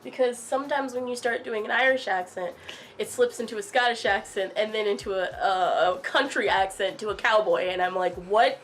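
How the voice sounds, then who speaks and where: A woman's voice: medium pitch, fairly quick, a bit bright, a little hiss or hum. A woman in her twenties from the United States hosting a casual couple Q&A vlog outdoors, bubbly and teasing. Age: 20s. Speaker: YouTube host. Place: outdoors in sunlight.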